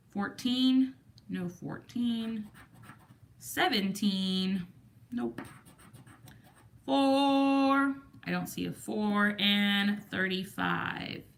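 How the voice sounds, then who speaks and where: A woman's voice: mid-range voice, vocal fry, a bit bright, reverberant, slight background noise. A woman from Texas with a Texan accent, hosting a casual lottery scratch-off livestream and reading viewer comments aloud. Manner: chatty, reads viewer comments aloud and counts numbers.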